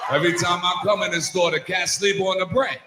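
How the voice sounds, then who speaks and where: A brash male stand-up comic with a high voice, firing off profane stories and sudden impressions. He is recorded live in an echoey club. A crowd murmurs under every line. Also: steady tone, very noisy. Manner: brash, profane storytelling with quick put-on voices. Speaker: stand-up comedian. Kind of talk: stand-up comedy set. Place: comedy club stage.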